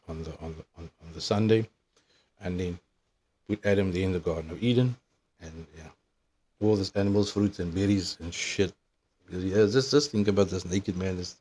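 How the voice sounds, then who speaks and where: A man's voice: low voice, mellow. A man in his thirties telling a meandering, profanity-laden story in a casual monologue. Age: 30s. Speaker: vlogger.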